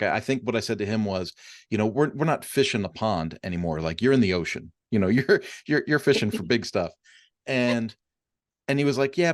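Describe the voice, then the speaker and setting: A middle-aged man with a fairly low voice hosts a casual podcast chat. He tells his stories with animation and leans on fillers like "you know" and "like." The sound is dry and close. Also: no room sound. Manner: animated storyteller with many fillers. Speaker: podcast host.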